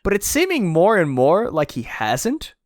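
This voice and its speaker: A man co-hosting a casual podcast chat, excitable, laughing often and acting out quotes. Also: high voice, measured pace, no room sound, studio quality. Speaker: podcast co-host. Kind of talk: casual chat reviewing a chapter.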